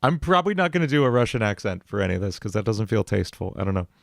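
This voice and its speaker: A man's voice: on the low side, big pitch swings, rapid-fire, gravelly, dry recording, studio quality. A man hosting a casual music livestream, talking in a rambling way with many fillers and laughing easily.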